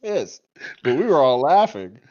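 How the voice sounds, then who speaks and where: A man's voice: fairly low pitch, measured pace. Profane man telling a story, dull audio. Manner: profane, animated, laughs often. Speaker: podcast guest. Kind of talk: casual storytelling.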